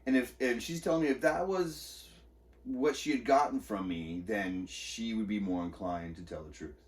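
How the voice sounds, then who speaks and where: A man's voice: fairly low pitch, normal speed, distant mic. A man hosting a podcast, telling a personal story of an argument in a candid, agitated, profane way. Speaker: podcast host. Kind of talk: personal monologue.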